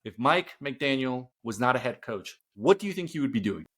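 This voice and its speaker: Young male co-host, casual and animated, joking storyteller, average-pitched voice. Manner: animated, jokey storytelling with quick bits of mimicry. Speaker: podcast co-host. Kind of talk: casual sports chat.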